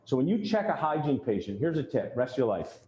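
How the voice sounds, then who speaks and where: A dental practice coach leads a live workshop in an event room full of attendees, joking and addressing the audience directly. His mid-range voice is sing-song, quick and mellow. The recording is muffled, with a little hiss or hum and a roomy echo.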